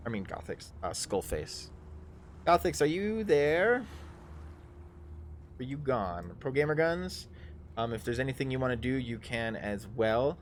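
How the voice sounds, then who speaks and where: A man narrating a live tabletop game as game master, pausing often with ums and uhs. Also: medium pitch, big pitch swings, a little hiss or hum. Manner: halting, full of ums and uhs.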